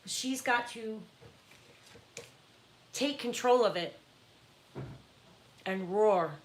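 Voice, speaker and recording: Slow, high-voiced woman tarot reader. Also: roomy sound, recorded from a distance, a little hiss or hum, poor audio. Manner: reads card texts in a slow, emphatic, motivational tone; chatty and reassuring with viewers. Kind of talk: live-stream tarot reading.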